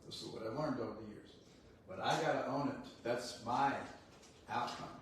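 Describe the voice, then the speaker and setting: A man's voice: mid-range voice, moderate pace. An older man giving a blunt, folksy motivational talk, laughing often as he tells stories. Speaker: real estate CEO giving a talk. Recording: echoey room, distant mic, faint noise.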